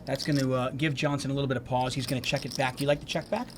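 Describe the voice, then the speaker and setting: A man's voice: mid-range voice, steady tone, rapid-fire. A man giving play-by-play poker commentary, chatty and joking with his co-host. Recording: noticeable background noise.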